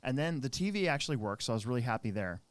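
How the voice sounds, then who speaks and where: Man, 30s, podcast co-host, animated storyteller, mid-pitched, dry close mic. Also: very fast, no room sound. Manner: rambling, animated anecdote with many restarts. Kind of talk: casual storytelling chat.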